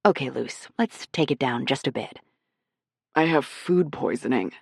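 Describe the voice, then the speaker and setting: A woman's voice: a bass voice, expressive, measured pace, no echo, studio quality, voice pushed down, full character voice. A woman doing a gritty-voiced sick young man. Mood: weak, sheepish. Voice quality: gritty, rough. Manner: weak, sheepish. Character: young man sick with food poisoning, miserable.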